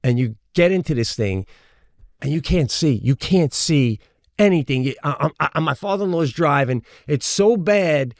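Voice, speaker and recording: A man tells a story on a podcast in a fairly high voice, recorded close and dry. He talks in an animated way and jumps up in pitch when he quotes others. He swears casually as he goes. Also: moderate pace, no room sound. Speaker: podcast co-host.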